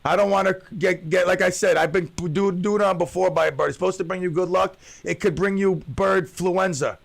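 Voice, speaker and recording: A man's voice: high voice, steady tone, brisk, gravelly. A man hosting his own radio talk show alone, joking and rambling with playful tall tales.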